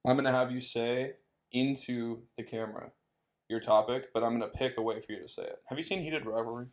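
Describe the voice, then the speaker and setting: A man hosting a casual podcast from a couch, teasing his guest with deadpan jokes. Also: medium pitch, a little fast. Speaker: podcast host. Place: living room couch. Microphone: podcast microphone.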